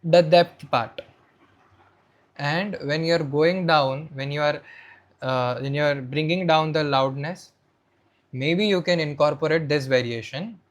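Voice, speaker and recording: A young man with an Indian English accent giving a spoken tutorial on presentation skills, shifting between soft and loud delivery as he demonstrates voice modulation. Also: a little high, a little slow. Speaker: presentation coach.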